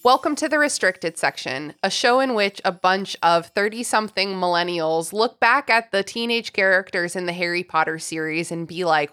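A woman's voice: lowish voice, moderate pace, hardly any pauses, a bit bright, clear, resonant tone. A stuffed-up, nasal woman in her forties with a Boston accent hosts a podcast while sick. She keeps to a babyish little-kid voice as she chats. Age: 40s. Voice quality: nasal, congested. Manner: talking in a put-on baby-talk voice. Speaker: podcast host. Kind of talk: casual podcast chat.

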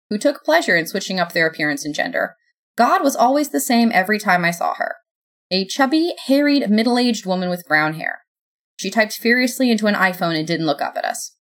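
A woman's voice: medium pitch, a bit bright. Sardonic young woman telling a story. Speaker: narrator. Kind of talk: first-person story reading.

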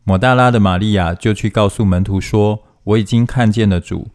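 Man, formal scripture reading, steady phrasing, lowish voice. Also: brisk. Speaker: scripture reader.

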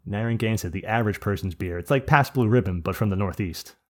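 Man, podcast host, rambling and profane, lowish voice. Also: fast, a little mellow. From New Jersey. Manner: rambling, profane, frequent restarts and laughs. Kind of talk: casual podcast storytelling.

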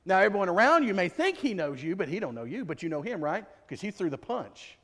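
A man's voice: sits high, big pitch swings, quick pace, a bit bright. A man preaching a sermon as pastor, in a conversational, jokey way full of rhetorical questions. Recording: long reverb of a large hall.

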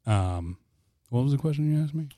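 A man in his thirties co-hosts a podcast, telling candid, self-mocking stories about his life in casual chat, acting as both co-host and guest. His mid-range, dark-toned voice is expressive and a little fast, turning gravelly when he whispers. The sound is clean studio audio with no room sound.

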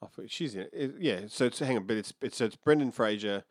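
A man's voice: mid-range voice, quick pace, dry recording, clean studio sound. A man co-hosting a podcast, chatting casually in a rambling, hesitant way. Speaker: podcast co-host. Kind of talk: casual chat.

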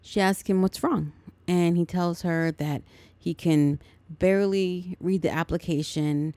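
A woman's voice: lowish voice, fairly even intonation, unhurried, dark tone, no room sound. Chatty woman recapping a movie. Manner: chatty, editorializing. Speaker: podcast host.

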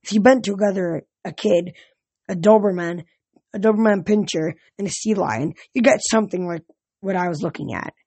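Husky, stumbling amateur reader. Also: medium pitch, moderate pace, darkish tone, dry recording. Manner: stumbling over words and restarting. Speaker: audiobook reader. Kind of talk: amateur audiobook narration.

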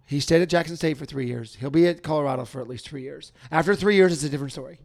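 Casual sports co-host, male, higher-pitched, excitable and jokey, volume up and down. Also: fast, creaky. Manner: excitable, jokey, swings between loud and mumbled. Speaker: podcast co-host.

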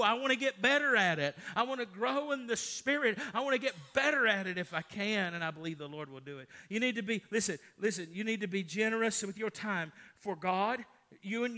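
A high-pitched man, a middle-aged pastor, delivers a sermon that moves from booming emphasis down to hushed, story-like moments.

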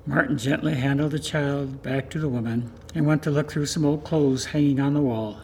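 A man reading a story aloud during a church service in a steady, plain storytelling manner. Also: medium pitch, normal speed, a little hiss or hum.

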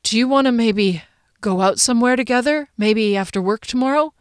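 A woman voicing a gentle young male bandmate who speaks softly and affectionately in an audiobook. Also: a little high, brisk, clear, resonant tone, dry recording, studio quality, pitched above the performer's own voice, close to an everyday voice. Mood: tender. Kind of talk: audiobook character voice.

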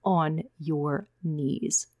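A woman's voice: low-pitched, very slow, no echo, dull audio, heavily acted. A woman voicing an arrogant, cruel soldier villain. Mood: stern. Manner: arrogant, judgmental.

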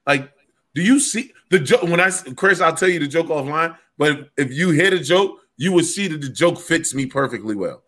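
Bright-voiced comic telling stories. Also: male voice, on the high side, normal speed. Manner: animated storyteller, swears freely, acts out quotes. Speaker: stand-up comic. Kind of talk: casual podcast chat.

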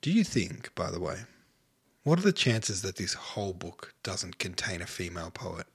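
A man's voice: low-pitched, very animated, normal speed, vocal fry, slightly rough. A man hosting a casual solo podcast, short of breath, rambling and offhand, sometimes sinking to a near-whisper. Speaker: podcast host.

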